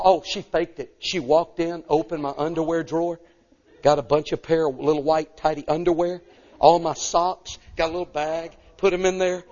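A man preaches a storytelling sermon and acts out every voice with animation. His voice is a little high for a man, and the sound is dull and lo-fi. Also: steady tone, normal speed, darkish tone. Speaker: evangelist.

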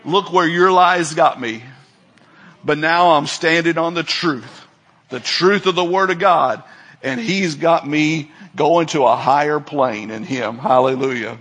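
A man's voice: on the high side, a little slow, a bit bright. A middle-aged male preacher giving a folksy sermon, telling stories and acting out the people in them. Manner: folksy storytelling, acts out quoted voices, laughs often.

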